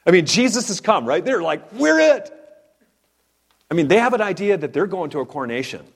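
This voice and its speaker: A man preaching a sermon, fired up and animated, with joking asides to his congregation. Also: a little high, fast.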